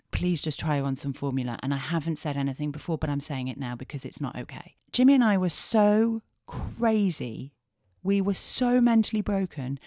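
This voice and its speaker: A woman in her thirties hosts a candid podcast in a low voice. She swears freely and moves from hushed asides to animated bursts. The sound is close and dry. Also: no room sound. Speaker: podcast host.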